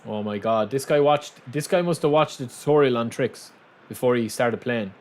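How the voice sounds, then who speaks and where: A man streaming a football video game live, thanking viewers and shouting excitedly at his players. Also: medium pitch, moderate pace. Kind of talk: live gaming commentary.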